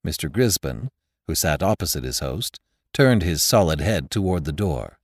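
A man narrating a classic story in a measured, expressive way. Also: extremely low pitch, dry recording, studio quality. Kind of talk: audiobook narration.

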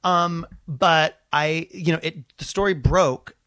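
A male comedian tells a story in casual chat, racing along and swearing freely. He jumps into the voices of the people he quotes. His voice sits a little high and sounds close and dry, with no room echo. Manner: fast, animated, profane, acts out quotes.

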